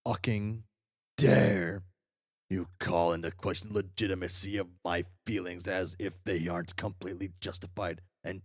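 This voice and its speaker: A man reading aloud as a furious, foul-mouthed young male troll, ranting and swearing at himself in shouted tirades. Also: low-pitched, dry recording, studio quality.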